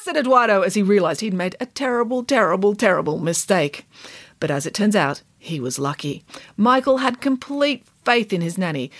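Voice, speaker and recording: Lively woman reading a children's storybook. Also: medium pitch, no echo. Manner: wry, playful asides to listeners. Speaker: narrator. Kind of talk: storybook read-aloud.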